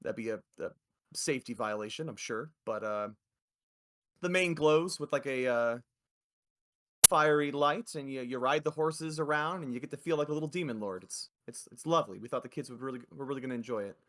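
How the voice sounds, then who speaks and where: Man doing a rambling village mom, wistful, mid pitch. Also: fairly quick, fairly bright tone, lightly acted. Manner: rambling, hesitant, with many fillers. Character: friendly middle-aged local mother, wistful. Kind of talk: tabletop role-play.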